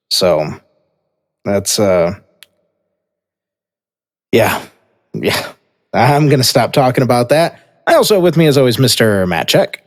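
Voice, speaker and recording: A man hosting a casual podcast, stopping and restarting his sentences often and filling gaps with "uh". His voice sits at an ordinary pitch. A long reverb hangs on every word. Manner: halting, with many fillers and restarts. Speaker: podcast host. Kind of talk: casual chat.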